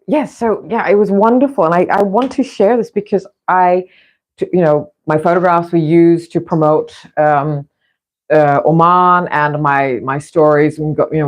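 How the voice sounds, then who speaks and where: A woman's voice: deep voice, a little mellow. Chatty rambling woman vlogger. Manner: chatty and rambling, with many restarts. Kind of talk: casual chat.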